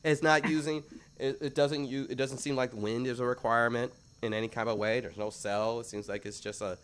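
A man runs a tabletop game as dungeon master, at a medium pitch. He narrates loosely, with plenty of fillers and restarts. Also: steady tone, a little fast, clear, resonant tone.

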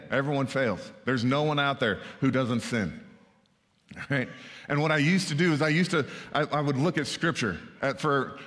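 A man's voice: mid-range voice, a bit bright. A male pastor giving a conversational sermon, often checking in with the congregation with "right?" asides. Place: church sanctuary. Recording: church sanctuary with long reverb.

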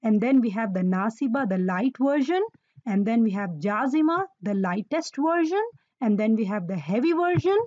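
Woman teacher, slightly high voice, mellow, dry close sound, dull lo-fi recording. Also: expressive, moderate pace, no room sound. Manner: patient, repeats words for emphasis, quizzes listeners. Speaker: Arabic grammar teacher. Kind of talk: explaining Quranic Arabic grammar.

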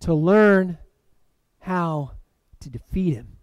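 A male preacher with a high voice delivers a sermon. He swings from loud, emphatic lines down to hushed, dramatic drops. The sound is dry, with little room echo. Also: animated, slow, smooth, dull audio. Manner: acts out movie quotes. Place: church.

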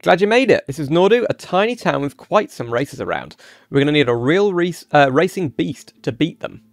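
A man's voice: fairly high pitch, big pitch swings, moderate pace, vocal fry, dry recording, studio quality. A man reading the lines of a friendly uncle, a retired racer turned mechanic, plainly and without putting on an accent. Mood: cheery.

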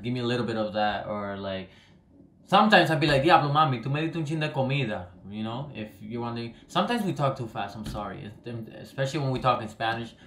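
A young Dominican man chats casually to the camera, loose and slangy, his voice sitting at an ordinary middle pitch. His lines often trail off as he rambles on, and the room gives his voice a noticeable echo. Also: fairly bright tone. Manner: loose, rambling and slangy, drifting off at the ends of phrases. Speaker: vlogger. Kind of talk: casual vlog explainer. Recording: echoey room.

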